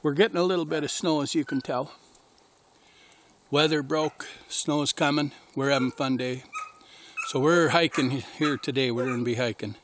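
A man's voice: fairly high pitch, fairly even intonation, normal speed, a bit bright, slight background noise. A man who breeds dogs, talking casually to the camera outdoors in the snow while calling his dogs over. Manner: calls and coaxes dogs in between talking to the camera. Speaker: dog breeder. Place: outdoors at a kennel in light snow. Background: dogs barking.

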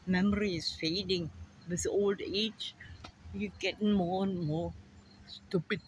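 A woman's voice: mid-range voice, steady tone, slow pace, long pauses, a little hiss or hum. A middle-aged woman talking reflectively in a personal vlog, sometimes dropping to a whisper for asides. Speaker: vlogger.

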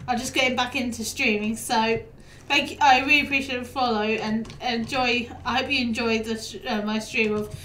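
Bright-voiced woman streaming games. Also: fairly high pitch, steady tone, distant mic, a little hiss or hum. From United Kingdom. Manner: chatty, quick to laugh, talks back to the game. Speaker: game streamer. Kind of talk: casual live-stream chat. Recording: echoey room, voice off-mic.

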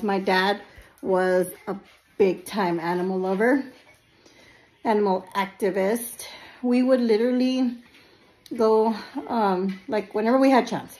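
A woman's voice: medium pitch, a little mellow. A woman in her forties chatting casually to camera at home, gushing and fond, using baby talk with her dogs. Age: 40s. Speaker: lifestyle vlogger. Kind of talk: casual vlog chat to camera.

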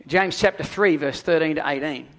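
Middle-aged male pastor, slightly high voice, emphatic sermon delivery with repetition. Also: normal speed, fairly bright tone. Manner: emphatic preaching with repeated phrases and prayerful asides.

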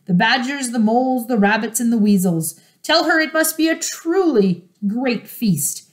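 A woman's voice: on the high side, measured pace. Woman voicing a gleeful, bossy father fox. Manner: exclaiming, lively, commanding. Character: proud clever male fox father, showy and bossy. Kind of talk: storybook read-aloud.

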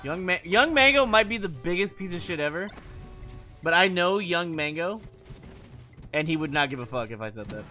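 A man's voice: on the high side, normal speed, soft background music. A man chatting casually with his stream chat, cursing freely and laughing often. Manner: animated, profane, laughs often. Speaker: gaming streamer.

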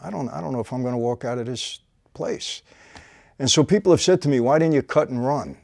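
A host tells a gripping personal story in easy conversation, speaking fairly quickly in a creaky, middle-pitched voice. He tells it vividly, often dropping low and quiet as the tension builds. The studio recording is close and dry.

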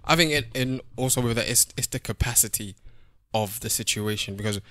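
A man's voice: mid-range voice, fairly quick, a bit bright, no room sound, clean studio sound. A man on a podcast, reasoning out his points earnestly in a casual discussion. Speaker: podcast co-host.

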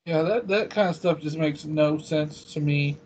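Relaxed man, a convention vendor. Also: on the high side, measured pace, slight background noise. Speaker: interview guest, convention vendor. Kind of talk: casual interview chat. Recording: dull lo-fi sound.

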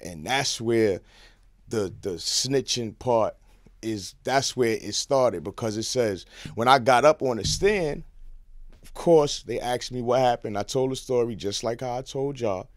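Animated New man telling a story. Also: mid-range voice, measured pace, no echo, clean studio sound. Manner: animated, swings from hushed to shouting. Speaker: guest. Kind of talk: casual storytelling. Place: podcast studio.

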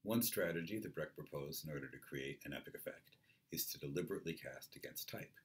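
A man giving a university lecture on theatre in a clear, measured, explanatory way. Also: very deep voice, expressive.

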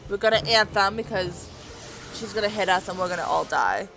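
A young woman commentating on a video game as she plays, chatty and excitable, talking into a desk mic. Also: mid-range voice, fairly quick, over music. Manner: excitable, chatty, reads game dialogue aloud. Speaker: let's play host. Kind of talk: casual gameplay commentary.

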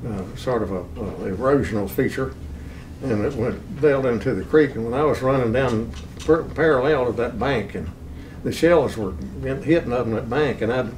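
A man's voice: mid-range voice, a little mellow, recorded from a distance, slight background noise. Older Texan man recounting a war story. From Texas. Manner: plain unhurried recounting, chuckles at own story. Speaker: interviewee, war veteran. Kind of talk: oral history storytelling.

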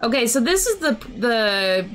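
A woman playing a video game and talking through it in casual, excitable commentary, often flustered and startled. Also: a little high, a little slow, a little hiss or hum. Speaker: gaming streamer. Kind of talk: casual let's-play commentary.

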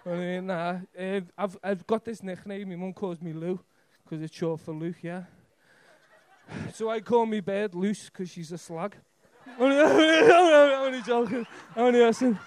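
A young Scouse man with a very high voice rambles through a live stand-up set. He sounds nervous and swears constantly, speaking into a handheld mic on a club stage. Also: steady tone, a little slow, darkish tone. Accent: Liverpool Scouse. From Liverpool, England. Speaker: stand-up comedian.

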